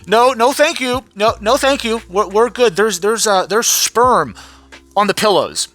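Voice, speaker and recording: A man's voice: high voice, animated, measured pace, fairly bright tone, pitched above the performer's own voice. Man doing a sheepish, stammering man. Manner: stammering, apologetic. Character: impression of a man, politely awkward and sheepish.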